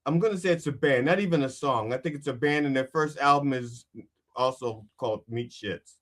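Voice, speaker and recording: A man's voice: mid-range voice, a little fast. A man chatting as a guest comedian on a podcast, riffing loosely with lots of restarts and "you know"s. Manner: rambling riffs full of restarts and "you know". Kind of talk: casual comedy podcast chat.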